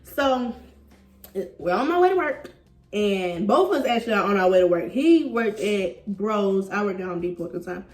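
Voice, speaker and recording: A young woman in her twenties casually telling a story, animated and slangy, laughing as she goes. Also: mid-range voice, normal speed, echoey room, far from the mic, faint music behind. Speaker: vlogger telling a couple's story.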